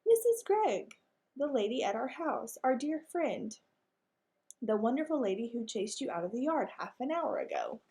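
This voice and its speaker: A woman's voice: a little high, wildly swooping pitch, normal speed, mellow. A woman voicing a genteel mother dog who talks in an overly polite, sugary way.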